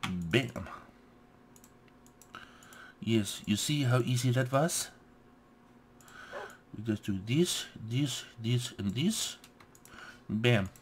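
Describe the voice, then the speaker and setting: Sex: man. Role: let's play host. Pitch: middling. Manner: slow, muttering self-talk while crafting. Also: animated, slight background noise. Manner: mutters to himself while crafting, repeating "yes, yes". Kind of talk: gameplay commentary.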